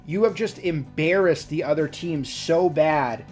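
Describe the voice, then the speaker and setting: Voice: medium pitch, unhurried, a little mellow, faint music behind. A game master narrating a tabletop game in a casual way, with many fillers and restarts.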